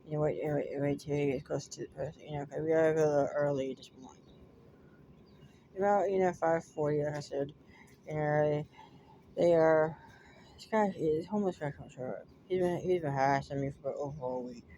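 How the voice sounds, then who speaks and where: A rambling, halting speaker who keeps stumbling over restarts and drops "you know" into nearly every phrase. They tell a personal story about their dogs in a loose, casual way. Steady background noise and ambience sit clearly behind the voice. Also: mid-range voice. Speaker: dog owner telling a personal story.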